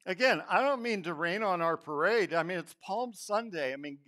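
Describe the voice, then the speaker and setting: High-voiced pastor guy preaching in church, storytelling, acting out quotes, goes quiet and hushed for effect. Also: expressive, normal speed. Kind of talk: Palm Sunday sermon.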